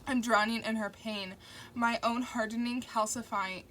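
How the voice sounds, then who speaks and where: A woman narrating a novel as an audiobook in first person, with steady, intimate storytelling. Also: on the high side, moderate pace. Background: faint construction noise.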